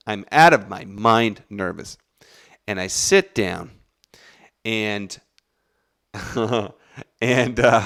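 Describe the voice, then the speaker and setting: A man, the podcast's host, telling a long story in a rambling, profane, casual way. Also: on the low side. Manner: rambling, profane, animated, with restarts.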